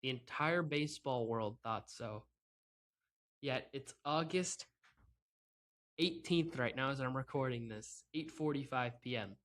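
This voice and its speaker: A man with a bright, forceful voice hosts a solo sports podcast into a laptop microphone. He rants in a sarcastic, exasperated way, mocking and breaking into laughter, at a mid pitch. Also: expressive, unhurried. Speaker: podcast host. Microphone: microphone with laptop and camera.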